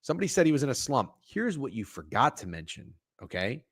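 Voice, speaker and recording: A young man hosts a sports betting live stream, swearing casually and answering his chat. His pitch jumps around in a lively way. The sound is dry and close, with no room behind him. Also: fast, husky, dry recording. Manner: animated, swearing, talks to chat. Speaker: sports betting show host.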